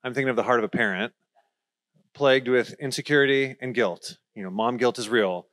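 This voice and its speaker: A man moderating a church panel, asking a question in a measured, reflective way. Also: mid-range voice, a bit bright.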